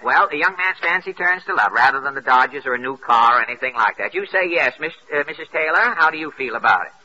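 A man's voice: mid-range voice, animated, pushed and bright. Wisecracking man on old radio. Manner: wry, dry wisecracking with frequent halting uh's. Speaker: radio comedy show host. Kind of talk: ad-libbed radio comedy interviewing. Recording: dull old radio broadcast with faint hiss.

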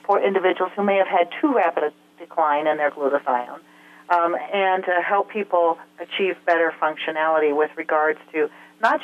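Lady health expert on a phone line, kinda low voice, earnest, lots of uhs. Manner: earnest, explains step by step with frequent filler sounds. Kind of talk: explanatory interview answers. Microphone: telephone.

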